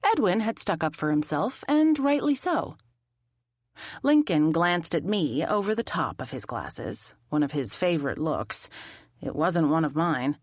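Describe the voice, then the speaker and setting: A woman narrating a first-person mystery audiobook in an expressive, lively storytelling manner. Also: deep voice, unhurried, dry recording, studio quality.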